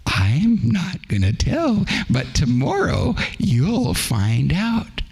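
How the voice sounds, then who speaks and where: A man's voice: fairly high pitch, huge pitch swings, slow pace, creaky, a little mellow, slightly rough, pitched above the performer's own voice, exaggerated voice. A man voicing a worried little orphan boy in pajamas, pleading in a raised, childlike voice. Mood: secretive.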